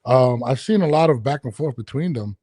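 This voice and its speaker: This podcast host, working from his home studio with studio headphones and a mic, rants casually and animatedly, full of profanity. His voice is mid-range and brisk, with no room sound.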